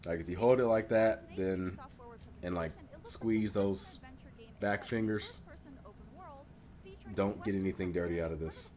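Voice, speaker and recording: A man with a very deep voice chatting casually and rambling as he reacts live to a game showcase. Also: a little slow, long pauses, a little mellow. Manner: rambling, laughs often, many "like" fillers.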